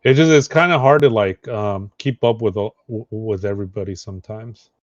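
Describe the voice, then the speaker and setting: Low-voiced man thinking aloud, dull lo-fi. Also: no room sound. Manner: thinks aloud, halting with fillers and restarts. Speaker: streamer reacting to social media posts. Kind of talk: casual live commentary.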